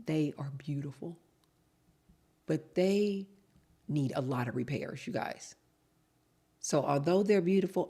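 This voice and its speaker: Speaking in a very deep, slightly mellow voice, this woman vlogger chats casually with her audience. She addresses them as "you guys" while recounting a story and performing both parts of the dialogue herself.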